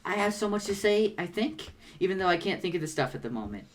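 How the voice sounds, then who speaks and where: A woman reading a bubbly, excitable teenage girl who gushes, stammers and drops internet slang. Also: on the low side, fast talker. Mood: flustered. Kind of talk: reading comic dialogue aloud.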